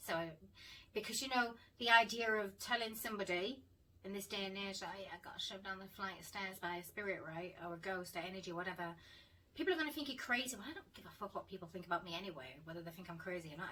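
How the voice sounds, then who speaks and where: Blunt woman, husky and bright. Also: mid-range voice, recorded from a distance, rough recording. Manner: blunt, swearing, laughs between phrases. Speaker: paranormal vlogger. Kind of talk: casual storytelling monologue.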